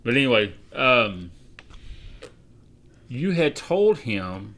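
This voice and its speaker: A man's voice: medium pitch, takes it slowly. A middle-aged man co-hosting a podcast, telling funny stories in a casual chat and acting out the voices of people he quotes. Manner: relaxed storyteller, acts out quoted voices. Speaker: podcast co-host.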